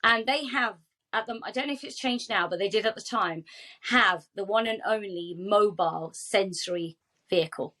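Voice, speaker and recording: A woman who founded a charity, speaking as a guest on a podcast, telling warm stories with lots of quoted dialogue. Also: mid-range voice, moderate pace. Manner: animated, heartfelt storytelling with quoted dialogue. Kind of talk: podcast interview.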